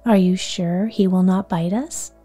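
A woman softly playing a proud tiny mouse queen, storybook voice, hushed and unhurried, dark mellow tone, faint music behind. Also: lowish voice, fairly even intonation. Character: grateful proud little queen of field mice, female.

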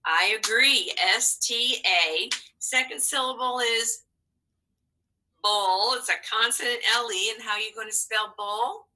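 A woman's voice: fairly high pitch, a little slow, sharp tone, rough recording. A woman teaching a phonics lesson to children, speaking patiently and coaxing answers with prompts and praise.

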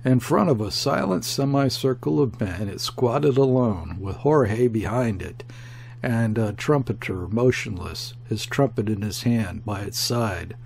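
A man reading a classic novel aloud in a measured, deliberate audiobook narration. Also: medium pitch, animated, vocal fry, a little mellow, a little hiss or hum.

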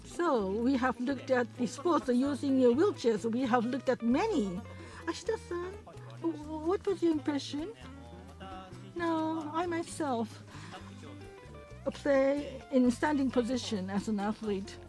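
High-voiced woman interpreting, halting delivery. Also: animated, a little mellow, faint music behind, poor audio. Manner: halting, with frequent pauses and fillers. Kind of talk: simultaneous English interpretation of a program.

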